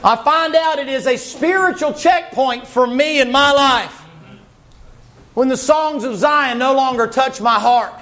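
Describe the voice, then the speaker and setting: A man preaching a folksy, animated sermon and shouting at its peaks. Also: very high-pitched, unhurried. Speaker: pastor.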